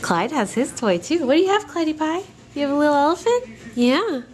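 A young woman, a mother filming her babies at home on a handheld camera, talks to them in gentle, cooing baby talk. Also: high voice, big pitch swings, brisk. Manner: sing-song, cooing, gentle. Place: home living room.

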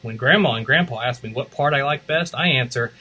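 A man reading a picture book aloud for school morning announcements, expressive and switching between English and Spanish. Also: mid-range voice, brisk, breathy edge, rough recording. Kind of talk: read-aloud storytelling.

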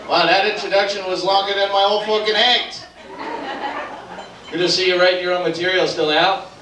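Young male Boston stand-up, punchy and crude, high voice, roomy bar sound. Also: steady tone, fairly quick. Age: 20s. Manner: brash, profane, punchy. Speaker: stand-up comedian. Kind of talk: stand-up comedy set. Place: bar comedy club. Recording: roomy club tape from far off, loud crowd. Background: crowd laughter.

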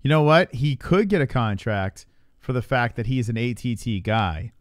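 A man's voice: mid-range voice, lively intonation, normal speed, dry recording, clean studio sound. A man hosting a live stream, chatting casually with a laid-back, joking manner and swearing freely. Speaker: stream host. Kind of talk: casual live reaction chat.

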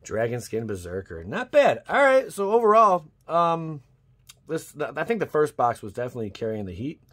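A young man hosting his channel, chatting casually as he opens card packs and bursting into loud cheers over good pulls. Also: a little high, very animated, moderate pace. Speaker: YouTube channel host. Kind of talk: casual card-pack opening commentary.

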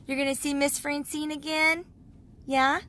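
A woman's voice: high voice, flat delivery, a little slow, sharp tone, a little hiss or hum. A young woman chatting casually in a family vlog, upbeat and sing-song when she talks to her kids. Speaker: family vlogger and mother.

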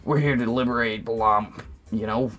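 A man voicing a brash, loudmouthed young male soldier in a swaggering put-on voice while reading game dialogue aloud. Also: medium pitch, steady tone, normal speed, dull audio, faint music behind, natural voice. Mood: cocky.

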